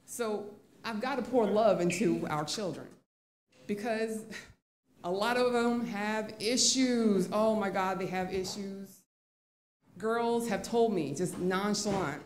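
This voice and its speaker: A woman's voice: mid-range voice, unhurried, slight background noise. A woman teacher telling a candid, conversational story on stage at a live event. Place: live event in a museum venue. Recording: echoey live venue.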